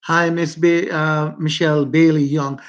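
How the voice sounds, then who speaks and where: A man with a Jamaican accent, hosting a casual livestream and warmly greeting his viewers by name. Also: fairly high pitch, level tone, unhurried, lo-fi sound. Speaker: livestream host.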